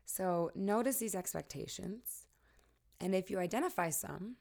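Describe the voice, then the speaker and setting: A woman's voice: medium pitch, a little slow, creaky, a little mellow. A woman hosting a podcast, giving candid, casual coaching advice with frequent laughs and casual swearing. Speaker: podcast host.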